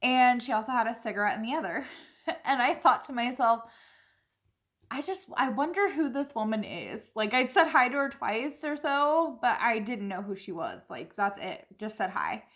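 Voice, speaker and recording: A woman's voice: on the high side, very animated, normal speed, a bit bright. A young woman vlogger telling a personal story in a chatty, candid way, full of fillers and "like". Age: young adult. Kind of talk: casual storytime.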